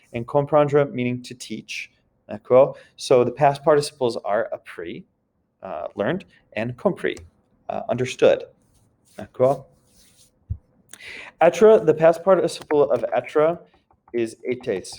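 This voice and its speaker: A man's voice: mid-range voice, a little mellow. A man teaching a recorded French grammar lesson, explaining step by step and checking in with his students often.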